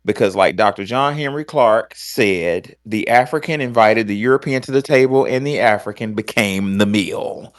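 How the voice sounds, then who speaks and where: A man's voice: lowish voice, moderate pace, few pauses, dry recording, studio quality. A man hosting a podcast, telling loose, profane stories in casual chat. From American South. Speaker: podcast host.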